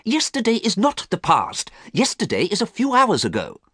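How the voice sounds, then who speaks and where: A man putting on a high, anxious painter. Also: wildly swooping pitch, moderate pace, fairly bright tone, husky, no room sound, studio quality, full character voice. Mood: pleading. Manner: pleading, anxious. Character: earnest worried male painter, gentle and pleading.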